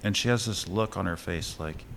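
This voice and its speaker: Deep-voiced man recapping a movie. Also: moderate pace, vocal fry, a little hiss or hum. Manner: animated storytelling with chuckles and fillers. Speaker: podcast co-host reviewing a film. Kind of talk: casual chat.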